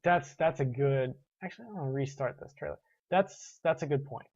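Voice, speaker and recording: A man's voice: a little high, brisk, darkish tone, no echo, dull audio. A man in his twenties hosting a gaming show, chatting casually and rambling with restarts while reading viewer comments. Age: 20s.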